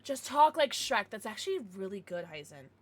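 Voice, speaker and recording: A woman's voice: medium pitch, very animated, moderate pace. A young American woman chatting casually on a livestream, giggly and bubbly as she greets viewers and reads out chat.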